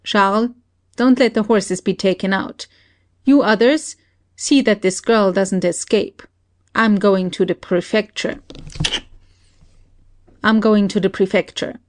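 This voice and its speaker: A woman's voice: mid-range voice, fairly even intonation, slow, long pauses, a little mellow, lightly acted. Woman doing a frantic rich banker father. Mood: commanding. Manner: urgent, demanding questions. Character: wealthy male banker father, frantic and commanding.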